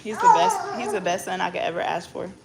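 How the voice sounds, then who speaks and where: A young woman from the Bay Area chats casually to her viewers in a loose, slangy, joking way. Her voice sits at an ordinary middle pitch, with a steady hiss of background noise under the recording. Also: a little fast, vocal fry. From Bay Area, California. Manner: loose, slangy and joking, with bursts of loud scolding. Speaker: vlogger. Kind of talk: casual chat.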